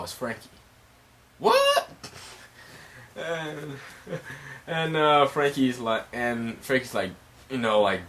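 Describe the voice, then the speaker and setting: A man casually retelling and reviewing a comic chapter, excitable, rambling and profane. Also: medium pitch, slight background noise. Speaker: manga reviewer.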